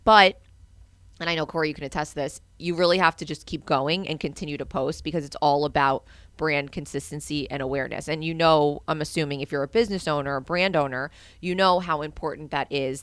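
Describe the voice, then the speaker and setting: A young woman with a low, smooth voice co-hosts a casual marketing podcast. She talks in an animated, earnest way, full of casual fillers. The sound is close and dry, with no room around her. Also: brisk, no room sound. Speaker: co-host.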